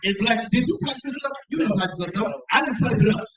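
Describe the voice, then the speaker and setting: A man's voice: extremely high pitch, expressive, fairly quick, noisy background. A man teaching a Bible class, reading aloud and commenting, with calls for the class to repeat after him. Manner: reads aloud and comments, call-and-response. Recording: roomy, distant, dull sound.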